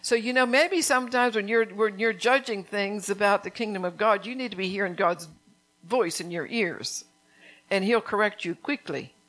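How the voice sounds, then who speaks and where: A woman's voice: medium pitch, normal speed, a bit bright, soft background music. A woman preaching a sermon in a conversational, fervent way, often checking in with her congregation.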